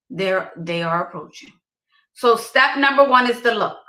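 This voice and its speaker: A woman's voice: on the high side, moderate pace, bright, forceful tone. A woman giving casual dating advice to her viewers, emphatic and repeating her key points. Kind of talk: casual direct-to-camera advice. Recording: roomy echo.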